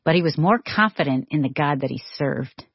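Husky low-voiced female co-host. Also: lively intonation, brisk, no room sound, dull audio. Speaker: co-host, host's wife. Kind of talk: casual conversation on a faith-based talk show.

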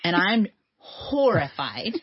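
A woman speaking as a podcast guest, telling a story in an animated, conversational way and acting out the voices she quotes. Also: fairly low pitch, slow, husky, dry recording, muffled recording.

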